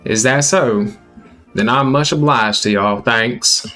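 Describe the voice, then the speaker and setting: A man voicing a weary, dutiful young country man in a put-on Southern US drawl, soft and polite. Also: mid-range voice, slow pace, soft background music.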